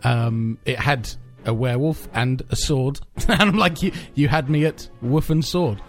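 A man's voice: mid-range voice, a little slow, faint music behind. A man hosting a casual film podcast chat in a self-deprecating, laughing way. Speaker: podcast host.

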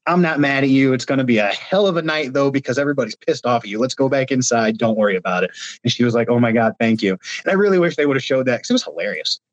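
A man's voice: medium pitch, lively intonation, fast, no echo, dull audio. A man from Ohio, a reality show contestant, telling stories in a casual interview over a video call while gesturing with his hands. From Ohio, United States.

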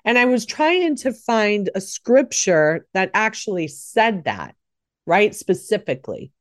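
Her pitch is medium but swings widely, and she talks a little slowly as this middle-aged nurse and podcast host relates an emotional, rambling faith story, correcting herself many times. It's recorded in a studio with no echo.

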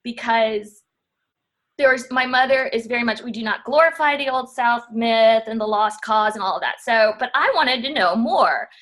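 A woman's voice: on the high side, normal speed, hardly any pauses, fairly bright tone. Thoughtful woman historian. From Louisiana. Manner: thoughtful, frequent restarts and fillers. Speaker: historian guest. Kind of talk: casual interview talk.

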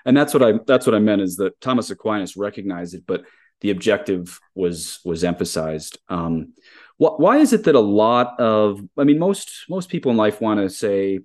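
A Catholic priest hosts a podcast in a conversational interview format, explaining ideas earnestly and at length. His voice is lowish and a little mellow, very animated, with a moderate pace.

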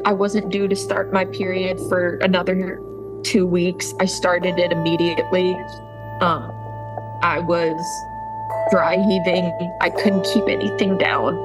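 A young woman is crying as she recounts a painful experience, her words halting and full of restarts. She speaks slowly, with a steady middle pitch. Loud music plays beneath her voice. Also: poor audio. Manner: tearful, halting, many ums and restarts. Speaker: interview guest telling her story. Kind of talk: emotional personal account.

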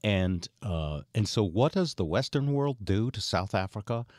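A man's voice: lowish voice, moderate pace, no echo, clean studio sound. An older man hosting a chatty podcast, telling stories with many fillers. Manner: animated storyteller, many fillers. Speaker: host. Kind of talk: casual chat.

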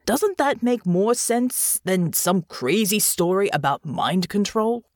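A woman voicing a gruff, weary male bear-morph army captain in an audiobook, blunt and exasperated. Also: medium pitch, animated, a little mellow, no room sound, studio quality, pitched above the performer's own voice. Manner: blunt, exasperated, slow drawl. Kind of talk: audiobook character voice.

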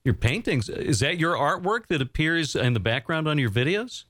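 A man hosting an interview, asking long, measured questions. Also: fairly high pitch, sing-song, a bit bright, no echo. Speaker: interview host.

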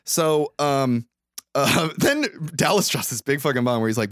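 A man's voice: mid-range voice, moderate pace, no echo, studio quality. Profane man recapping a movie. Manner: profane, animated retelling with acted quotes. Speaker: podcast co-host. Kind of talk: casual movie recap chat.

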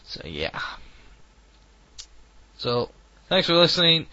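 A man's voice: on the high side, sing-song, takes it slowly, sharp tone, muffled recording. A man hosting an internet radio show, rambling chattily through his sign-off and plugs, often correcting himself. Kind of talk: casual radio sign-off chat.

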